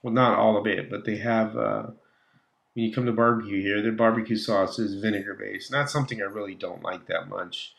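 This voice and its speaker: A man's voice: fairly low pitch, fairly even intonation, a little fast, creaky, a bit bright. A man hosting a casual livestream, chatting with viewers and reading their comments, laughing often and trailing off mid-thought. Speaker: livestream host. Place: home slot car track room.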